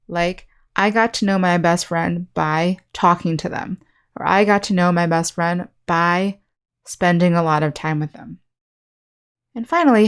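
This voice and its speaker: A woman with a slightly low voice teaches an online English class. She speaks slowly and clearly, modeling example sentences for learners. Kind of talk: scripted online lesson.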